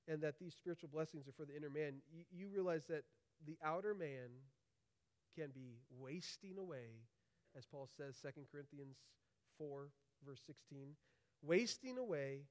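A male pastor delivers an earnest sermon with a notably high-pitched voice. He speaks emphatically and keeps checking in with quick tag questions. His pace rises and falls as he presses each point.

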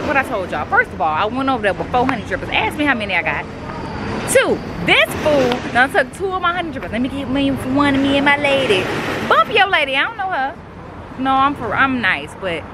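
A woman's voice: sits high, background noise. A woman vlogging in casual chat, telling stories. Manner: animated storytelling with laughs and squeals.

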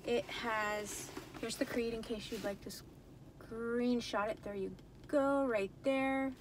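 A woman's voice: a little high, fairly even intonation, takes it slowly, noisy background. A woman chatting casually in a haul vlog, talking to herself, frustrated, addressing viewers as y'all and you guys. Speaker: purse reseller vlogger. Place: indoors at night, dim room.

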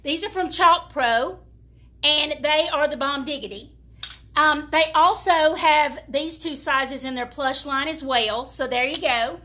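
Southern lady chatting thru a live paint demo, high bright voice, real folksy. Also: unhurried. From American South. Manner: chatty, folksy, talks straight to viewers. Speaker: furniture painting instructor. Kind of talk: live-streamed painting demonstration.

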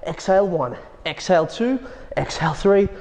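A man's voice: sits high, lively intonation, normal speed, a little mellow. Winded man coaching a workout, reverberant. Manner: encouraging, counts reps aloud while exercising. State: out of breath. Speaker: fitness instructor. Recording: long hall reverb.

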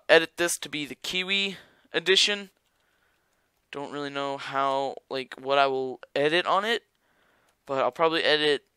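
A young man chats loosely over his gameplay, rambling and cracking jokes at his viewers. His voice is bright, crisp and very clear, set a touch high for a man. It sits close and dry on the mic, with no room sound. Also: dry recording. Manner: rambling, jokey, talks to viewers. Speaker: gaming YouTuber. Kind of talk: casual gameplay commentary.

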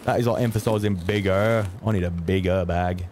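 A man streaming a shooter game, muttering to himself and swearing, with sudden high excited yelps. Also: a little fast, a little hiss or hum. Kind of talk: casual gameplay commentary.

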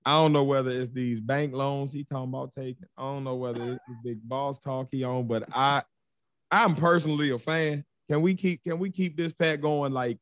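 A man's voice: a little high, dry recording. A man co-hosting a casual podcast, teasing his co-host and hyping him up.

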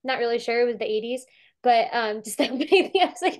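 Chatty woman, slightly high voice. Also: animated, quick pace. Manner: chatty, many fillers and restarts; acts out quotes from the film. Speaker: film series curator. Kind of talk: casual film discussion. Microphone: video call.

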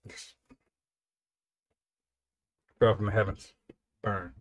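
A man's voice: on the low side, level tone, drawn-out words. A young man giving casual, rambling commentary while reacting to music, with frequent repeated praise.

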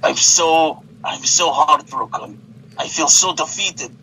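A man's voice: on the high side, slow, bright, forceful tone, slight background noise, exaggerated voice, poor audio. A man voicing a heartbroken, self-pitying young man who whines and stammers.

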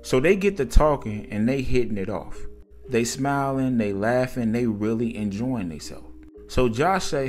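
A man narrating a casual story in a conversational, slangy, animated way. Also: mid-range voice, unhurried, faint music behind.

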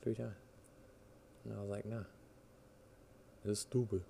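A man's voice: on the low side, level tone, a little slow, creaky, mellow, slight background noise. A man streaming a game, chatting casually, rambling and swearing as he plays. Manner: rambling, swears, talks to himself while playing. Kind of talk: casual live-stream chat.

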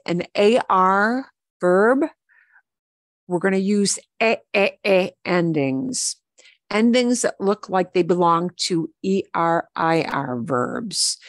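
A woman teaching a beginner Spanish class, explaining commands in English and repeating each Spanish word slowly and patiently. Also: medium pitch, no echo. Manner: switches between English explanation and Spanish examples. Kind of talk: online language lesson.

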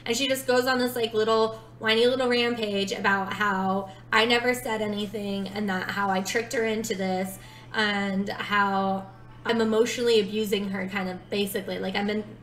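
A woman's voice: medium pitch, fairly bright tone, reverberant, low-quality recording. A woman in her twenties telling a personal story in a casual vlog, chatty and full of fillers. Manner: chatty, many "like" fillers, dramatic retelling. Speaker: storytime vlogger.

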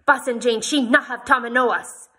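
A woman's voice: fairly high pitch, steady tone, moderate pace, voice pushed up. Woman voicing a strident, jealous chief's wife. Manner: loud, insistent broken English.

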